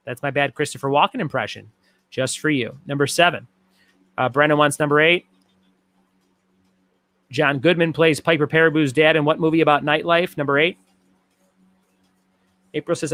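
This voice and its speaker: A man's voice: on the high side, fairly even intonation, normal speed, long pauses, fairly bright tone, no room sound. A man hosting a casual online movie trivia game, chatting and reading viewer comments aloud. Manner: chatty, reads out viewer comments and repeats questions. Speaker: trivia host.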